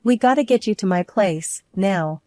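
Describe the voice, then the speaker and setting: A woman voicing a gruff, blunt rural neighbor man. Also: mid-range voice, lively intonation, moderate pace, warm tone, no room sound, clean studio sound, close to an everyday voice.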